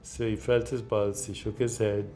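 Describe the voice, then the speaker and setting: An older man with an Indian accent, speaking in a measured, reflective way as a guest, slowing down on key words and telling anecdotes. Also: fairly low pitch, level tone, dark tone, faint music behind. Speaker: guest, spiritual author.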